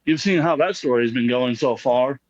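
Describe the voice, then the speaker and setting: A man's voice: medium pitch, brisk. Hesitant man on a dull call line. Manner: hesitant, lots of ums. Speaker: caller. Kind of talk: casual call-in chat.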